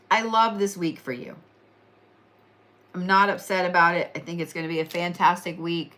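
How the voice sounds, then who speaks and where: A woman's voice: medium pitch, fairly bright tone. A young woman with an Oklahoma accent gives a casual horoscope reading in a chatty, teasing way, often repeating herself for emphasis. She sounds tired and keeps yawning, and her voice sits in a middle range. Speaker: astrology and reiki livestream host.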